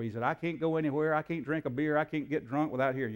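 A man's voice: a little high, racing, background noise. A man, a preacher telling a story in a sermon in a folksy way, acting out the dialogue, with frequent fillers.

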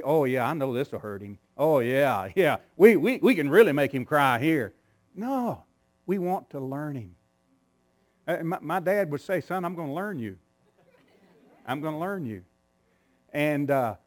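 Animated storytelling preacher man. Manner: storytelling preacher, swings from quiet to loud and high; acts out quoted voices, laughs often. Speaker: pastor. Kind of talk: sermon.

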